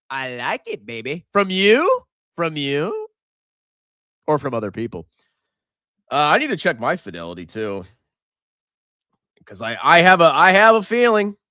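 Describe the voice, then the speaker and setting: A man in his thirties hosts a casual finance livestream with a bright, forceful edge to his voice. His pitch swings widely as he reacts to prices with jokey exclamations. The sound is dry and close to the mic. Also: no room sound. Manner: animated, jokey, reacts loudly to price moves.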